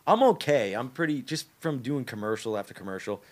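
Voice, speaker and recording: A man with a Boston accent, a voice actor chatting casually as a podcast guest and often slipping into other voices. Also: mid-range voice. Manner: animated, quick to slip into voices.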